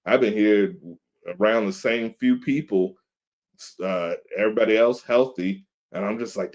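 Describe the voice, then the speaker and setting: A man's voice: lowish voice, moderate pace, darkish tone, highs cut off. A man in his thirties, co-hosting a podcast in casual chat, telling laid-back stories and acting out quotes. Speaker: podcast co-host. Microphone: video call.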